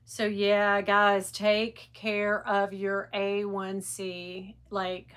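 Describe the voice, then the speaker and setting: With a clear, resonant mid-range voice, this middle-aged livestream host draws out her words. She chats animatedly and wanders from topic to topic, calling out to viewers by name.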